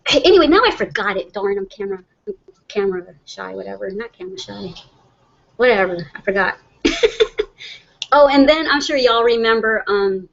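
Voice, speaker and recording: Chatty woman, slightly high voice. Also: lively intonation, normal speed, dull audio. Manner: chatty and rambling, laughs often. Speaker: livestream host. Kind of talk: casual livestream chat reading viewer comments.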